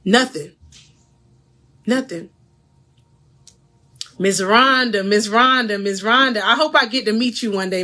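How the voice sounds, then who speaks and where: A woman's voice: medium pitch, bright, forceful tone. A woman life coach giving a faith-based motivational livestream, speaking fervently and preachily straight to her viewers, with laughs between phrases.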